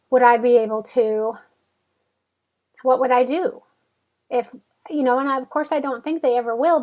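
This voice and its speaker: A middle-aged woman hosting a home vlog, thinking aloud in a halting, troubled way as she talks to the camera. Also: sits high. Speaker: vlog host. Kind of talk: casual talk to camera.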